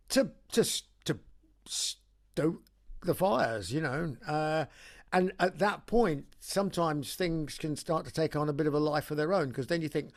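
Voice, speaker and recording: An English rock singer being interviewed shares anecdotes in a casual chat, his fairly high, slightly mellow voice carrying dry humor. His wry storytelling is halting and full of restarts, yet he keeps going.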